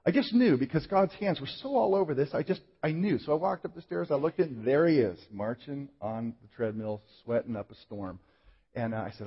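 A male pastor with a somewhat husky voice delivers a sermon as a personal story, earnest and self-deprecating, often restarting his sentences. His voice carries a long reverb, as if it fills a large church hall. The recording sounds slightly muffled. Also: medium pitch, brisk.

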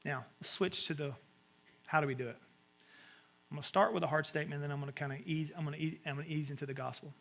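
A man with a Southern US accent, preaching a conversational sermon with sudden animated asides. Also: on the high side, quick pace, creaky. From American South. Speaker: pastor.

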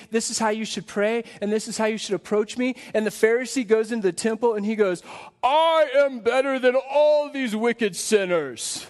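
Brief: male pastor, high voice, earnest sermon delivery, keeps asking the room questions. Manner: earnest, repeats rhetorical questions to the congregation. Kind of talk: live sermon. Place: church in front of a congregation.

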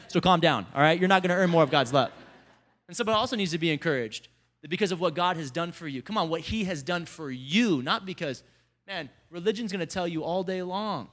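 A pastor giving a lively, conversational sermon to a congregation, calling out to the people in front of him. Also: male voice, a little high. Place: church service before a congregation.

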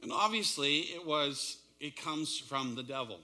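Bright-voiced preacher retelling a story. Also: male voice, a little high, unhurried. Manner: animated, dramatic retelling with shifting pace. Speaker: pastor. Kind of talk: sermon storytelling.

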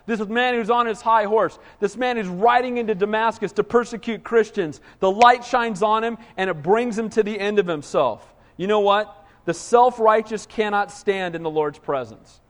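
A man preaching a sermon in a church, animated, with frequent call-and-response. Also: high-pitched, normal speed. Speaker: pastor. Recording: long hall reverb.

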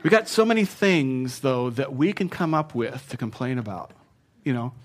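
A man's voice: medium pitch, expressive, normal speed. A man preaching a conversational sermon in church, chatty and self-mocking, teasing his congregation. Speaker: pastor. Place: church sanctuary.

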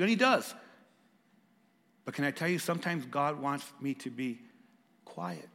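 A man's voice: medium pitch, animated, moderate pace, pauses often. Man preaching in a reverberant hall. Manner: swings from raised exclamations to hushed, soft passages. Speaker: pastor. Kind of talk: sermon.

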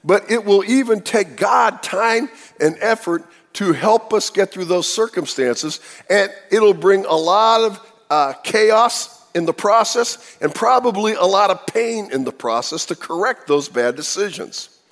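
A man preaching a sermon as pastor, talking in an animated way with many rhetorical questions. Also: sits high, unhurried, few pauses. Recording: reverberant hall.

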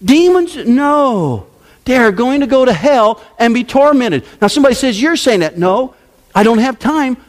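A man preaching a sermon as pastor, emphatic and forceful, his delivery sweeping up and down. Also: very high-pitched, very animated, moderate pace. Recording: long hall reverb.

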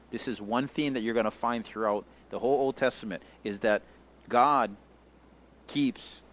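A pastor giving a casual Bible-study sermon, talking conversationally with slang and often checking in with his listeners, sometimes dropping to a hushed near-whisper. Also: medium pitch.

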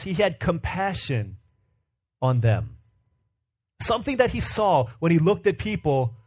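A man's voice: a little high, husky. Male pastor, 30s, conversational sermon delivery with rhetorical questions, tenor-leaning voice. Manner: conversational preaching with rhetorical questions and family stories.

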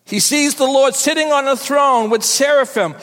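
A woman pastor delivering a sermon to her church, with slow, emphatic preaching and repetition for effect. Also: sits high, long reverb tail.

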